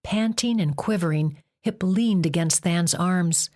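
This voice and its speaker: Woman reading an audiobook, lowish voice, takes her time. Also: dark tone. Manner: slow, measured reading. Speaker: audiobook narrator. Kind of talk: scripted narration.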